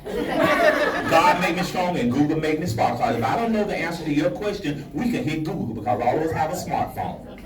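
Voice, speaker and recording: Male pastor and life coach, animated and playful, pulls the crowd in; recorded from a distance in a reverberant banquet hall. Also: on the high side, moderate pace. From Alabama. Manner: preacherly, playful, calls for audience shouts. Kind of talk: lively motivational speech to an audience. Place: large banquet hall with an audience. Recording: echoey hall, distant mic, audience noise.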